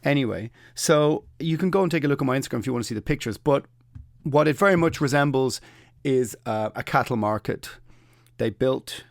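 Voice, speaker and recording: A man's voice: mid-range voice, fairly quick, creaky, dry recording, clean studio sound. A middle-aged Irish man hosting a solo podcast rant, opinionated and sardonic with mocking asides. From Ireland. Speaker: podcast host.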